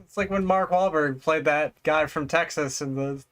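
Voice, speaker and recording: A man chatting casually as a podcast guest, easygoing and quick with jokes. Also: a little high, fairly bright tone. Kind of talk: casual chat.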